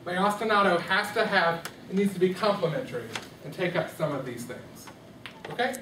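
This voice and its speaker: A man teaching a music class in a classroom, steadily questioning the students and prompting their replies. His voice sits a little high. The recording comes from a distance, with the roomy echo of the classroom and a faint hum of ambience behind him. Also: a little fast. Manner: questioning, coaxing students to answer. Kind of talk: classroom microteaching lesson. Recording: echoey classroom from far off.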